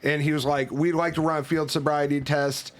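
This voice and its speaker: Young male podcast co-host, rambling storyteller who keeps laughing, slightly high pitch. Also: flat delivery, fairly quick. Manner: laughs through his story, crude and rambling. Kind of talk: casual storytelling chat.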